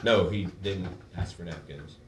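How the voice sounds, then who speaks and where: A man's voice: sits low, measured pace, echoey room, a little hiss or hum. A man co-hosting a podcast, casually teasing his friend and correcting details. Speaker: podcast co-host. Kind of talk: casual chat.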